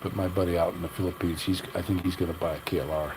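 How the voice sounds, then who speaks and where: An older man with a lowish voice holds forth on his livestream, blunt and opinionated, drifting from one gripe to the next. A faint engine rumble sits in the background. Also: steady tone, quick pace. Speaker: livestream host. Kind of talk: casual livestream rant.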